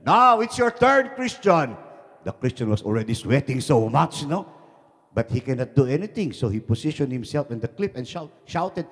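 A man preaching a sermon, telling joking stories in an animated way with many restarts. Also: medium pitch, brisk, slightly rough. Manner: animated storytelling, frequent restarts. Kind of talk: sermon with jokes. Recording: long reverb of a large hall.

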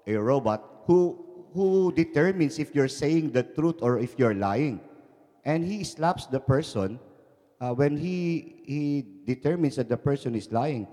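Storytelling priest in an echoey hall. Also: male voice, fairly high pitch. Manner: lively storytelling, acting out voices. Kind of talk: sermon with jokes.

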